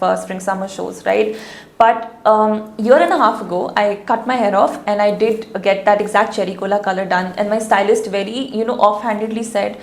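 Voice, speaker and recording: A woman guest on a podcast, explaining her views in an articulate, lively way. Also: mid-range voice, vocal fry. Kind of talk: conversational interview. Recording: echoey room.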